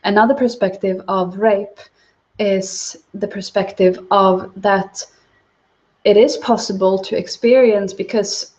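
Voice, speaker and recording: A woman giving a livestreamed spiritual teaching talk, soft-spoken and calm. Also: mid-range voice, slow pace. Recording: dull lo-fi livestream audio.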